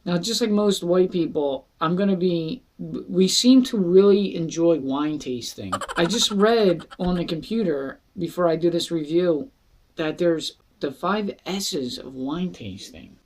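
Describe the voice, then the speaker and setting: In a laid-back product review vlog, someone from Philadelphia, USA, discusses a wine slowly and easygoingly, joking, laughing and running themselves down along the way with generous pauses. The pitch is middle-range and the voice a little mellow.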